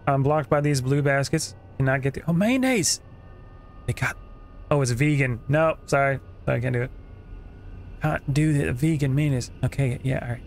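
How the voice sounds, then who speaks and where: A man's voice: mid-range voice, steady tone, brisk, a little hiss or hum. Man joking through a game playthrough. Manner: joking, casual running commentary. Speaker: gaming channel host. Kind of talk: let's play commentary. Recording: game audio playing behind.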